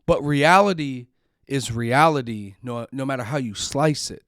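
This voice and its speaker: A man's voice: mid-range voice, moderate pace, fairly bright tone, no echo, clean studio sound. A middle-aged man hosting a podcast, telling a personal story in an earnest, emotional way and sometimes repeating words when upset. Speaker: podcast host.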